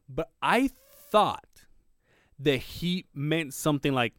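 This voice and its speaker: A man co-hosting a podcast tells a story in loose, profane chat. He acts out quotes and his voice jumps up as he does. His voice sits slightly high and sounds dry and close. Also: measured pace, dry recording. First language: Spanish. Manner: animated, swearing, acts out quotes with rising voice. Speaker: podcast co-host.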